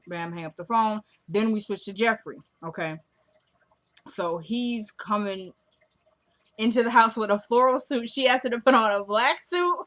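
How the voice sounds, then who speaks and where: A woman vlogger casually recapping a TV drama episode in a slangy, animated storytelling way. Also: a little high, measured pace, pauses often.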